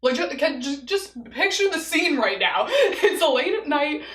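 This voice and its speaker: A woman's voice: high-pitched, big pitch swings, a little slow, a bit bright, echoey room, low-quality recording. A young woman telling a story in a casual vlog while eating, chatty and laughing often, leaning on "like" as filler. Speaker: vlogger.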